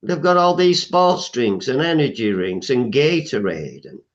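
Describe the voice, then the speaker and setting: A man's voice: medium pitch, big pitch swings, a little slow. Emphatic man, muffled audio. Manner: emphatic, lists items, frequent filler "uh". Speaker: health coach guest. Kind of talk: podcast interview conversation.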